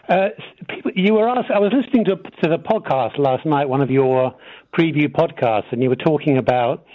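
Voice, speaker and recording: A man from England calling in to a radio show, talking politely with many hesitant ums. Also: fairly high pitch. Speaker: caller. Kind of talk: phone-in call. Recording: muffled phone line.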